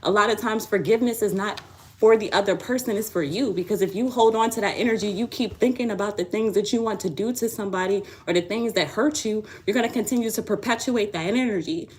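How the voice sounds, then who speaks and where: A woman's voice: mid-range voice, fast. A woman tarot reader talking on a live stream, blunt, profane and preachy. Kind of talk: live tarot reading chat.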